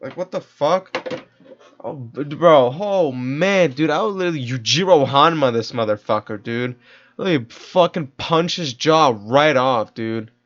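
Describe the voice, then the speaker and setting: Watching a true-crime video on stream, a young man offers casual reactions that are heated, full of slang and profanity, and peppered with "bro" and "dude." He speaks at a measured pace in an expressive, medium-pitched, slightly bright voice, on dull lo-fi audio.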